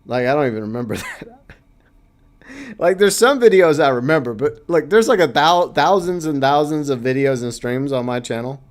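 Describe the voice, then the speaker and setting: A man's voice: mid-range voice, expressive, normal speed. A man hosting a casual livestream, chatting loosely and reading out viewer comments. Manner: chatty, reads chat aloud, playful asides. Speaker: livestream host.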